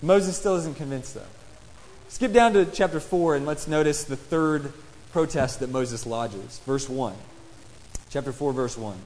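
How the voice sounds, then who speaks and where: A man's voice: mid-range voice, a little slow, darkish tone, slight background noise. A man preaching a sermon and reading scripture, talking in a conversational way and putting questions to his listeners. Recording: long reverb in a large hall.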